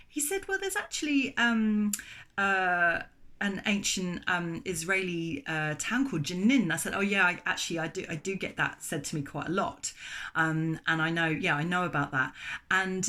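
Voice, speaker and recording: A middle-aged woman telling a story in a casual, chatty way, full of fillers and lively retellings. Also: medium pitch. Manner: chatty, animated, many fillers. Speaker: vlogger.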